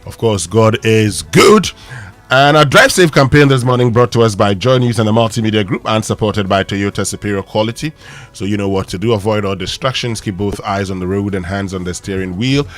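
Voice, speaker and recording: A man's voice: fairly low pitch, fast. A man with a Ghanaian accent hosting a morning radio show and reviewing the papers, easygoing and full of fillers. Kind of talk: radio talk and newspaper review. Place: radio studio.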